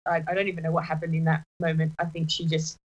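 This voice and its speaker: A woman telling a personal story in casual chat, halting, with many restarts. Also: low voice, completely flat delivery, lo-fi sound. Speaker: partner sharing a personal story.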